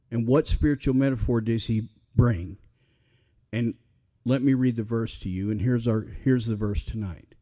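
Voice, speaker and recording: A middle-aged pastor preaching a sermon in a relaxed, conversational way, often checking in with his listeners. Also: medium pitch, a little slow. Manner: conversational, asks the audience questions.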